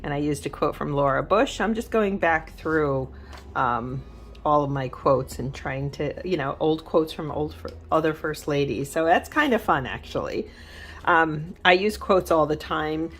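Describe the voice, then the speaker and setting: A woman's voice: low-pitched, measured pace, slight background noise. A woman hosting a journaling channel, talking in a chatty, rambling way with lots of asides and fillers while she decorates a journal at her craft desk. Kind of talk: casual craft vlog chat.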